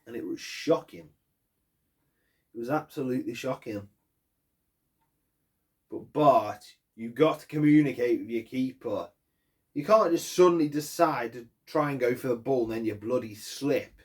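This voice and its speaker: This football fan vlogger is furious after the match, cursing constantly and pounding his arguments. He speaks in a darkish, mid-range voice, unhurried and broken up by long pauses.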